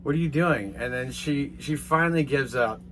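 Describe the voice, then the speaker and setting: A bright, forceful-sounding man tells a rambling story in a casual, animated way, swearing now and then. His voice sits at an ordinary pitch, and a faint hum runs under the recording. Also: moderate pace. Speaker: vlogger.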